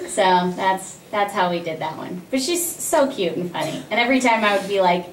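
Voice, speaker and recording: A woman's voice: mid-range voice, normal speed, few pauses, some chatter behind. A woman voice actress answering audience questions on a convention panel, animatedly acting out stories and laughing often. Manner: animated storyteller who acts out quoted exchanges and laughs often. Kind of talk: casual audience Q&A. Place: large convention panel room. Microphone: filmed from the audience by a distant camera. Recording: echoey hall recorded from far off with faint hum.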